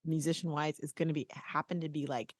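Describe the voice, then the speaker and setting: A woman co-hosting a podcast, chatting casually and telling stories with quick laughs. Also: low voice, no room sound, clean studio sound. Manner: chatty, animated storytelling with laughs. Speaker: podcast co-host. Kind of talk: casual chat.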